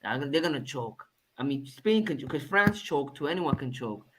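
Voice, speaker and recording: A young man hosting a live stream podcast, talking loudly in heavy slang with quick laughs. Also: mid-range voice, lively intonation, background noise. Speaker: podcast host. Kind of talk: casual banter on a live stream.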